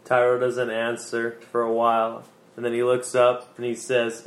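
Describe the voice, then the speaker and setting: A man's voice: mid-range voice, completely flat delivery, normal speed. A man playing in a tabletop game, describing what his character does. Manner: narrates his character's actions. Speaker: player.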